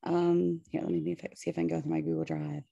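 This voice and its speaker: A woman in her forties with a Pittsburgh accent, a high school English teacher presenting on a video call, hesitant with many fillers. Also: flat delivery, fast talker, gravelly, mellow, no room sound, highs cut off. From western Pennsylvania. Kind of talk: webinar presentation.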